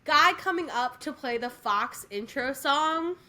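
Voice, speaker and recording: A woman's voice: high-pitched, expressive, measured pace, a crowd in the background. A woman co-hosting a podcast, chatting casually and enthusiastically with many fillers and restarts. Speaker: podcast co-host. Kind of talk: casual chat.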